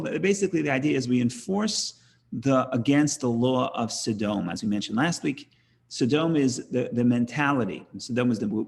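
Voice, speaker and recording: A man's voice: mid-range voice, gravelly. A middle-aged man giving an informal Talmud lecture, talking conversationally with frequent restarts and acting out the people in his examples. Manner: conversational, many restarts, acts out quoted voices. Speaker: rabbi teaching Talmud class.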